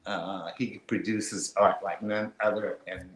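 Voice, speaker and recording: A man hosting a casual livestream chat, telling stories in a relaxed, rambling way with lots of fillers. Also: lowish voice, takes it slowly, echoey room, a little hiss or hum, rough recording. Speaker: show host.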